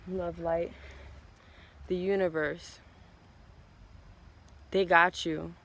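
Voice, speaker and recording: High-voiced gravelly man, rambling and heartfelt. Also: level tone, drawn-out words, pushed and bright. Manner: rambling, heartfelt, swears casually. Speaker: tarot reader. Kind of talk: casual spiritual vlog talk.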